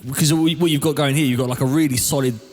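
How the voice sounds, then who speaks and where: A man's voice: mid-range voice, quick pace, soft background music. Essex guy hosting, chill and thoughtful, kinda searching for words, reverb on it. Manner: relaxed, reflective, searches for words. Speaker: podcast host. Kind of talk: casual interview chat.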